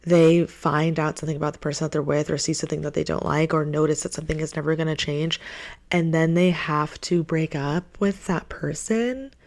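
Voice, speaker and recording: A woman talking to her viewers in a heartfelt advice vlog, earnest and animated, repeating phrases for emphasis. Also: sits low, brisk. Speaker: relationship advice vlogger.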